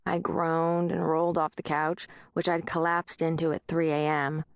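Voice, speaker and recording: A woman's voice: low-pitched, flat delivery, moderate pace, few pauses, clear, resonant tone, no room sound. A woman narrating an audiobook in the first person, wry and conversational, on a close studio mic.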